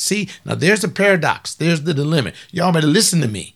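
A man's voice: big pitch swings, a little fast, fairly bright tone. Emphatic folksy man preaching. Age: older. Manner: folksy, emphatic, repeats lines for stress, rises in pitch when fired up. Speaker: preacher hosting a webcast. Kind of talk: informal preaching.

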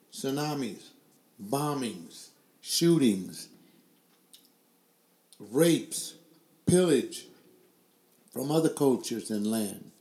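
A man's voice: medium pitch, warm tone, roomy sound. An older man hosting his own webcast, giving his opinions and stringing together rhetorical questions into a desk microphone. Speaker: webcast host. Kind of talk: opinion commentary to a webcast audience. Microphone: desk microphone, later adjusted to sit further back.

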